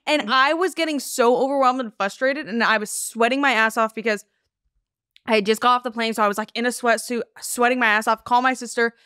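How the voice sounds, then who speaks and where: Woman, podcast co-host, high smooth voice, casual profane storytelling, dry sound. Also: fairly even intonation, a little fast, pushed and bright, no echo. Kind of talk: casual chat.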